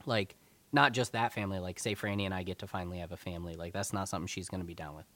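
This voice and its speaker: A man's voice: sits low, steady tone, rapid-fire, bright, forceful tone. A man hosting a podcast, talking casually and animatedly, with lots of filler words and the odd swear. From New York. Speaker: podcast host. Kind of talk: casual chat. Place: home in Connecticut.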